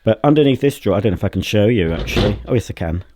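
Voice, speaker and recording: A man's voice: fairly low pitch, expressive, very fast, heavy background noise. Rambling, self-mocking vlogger man. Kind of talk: casual solo vlog to camera. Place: at home, indoors. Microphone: handheld camera at arm's length.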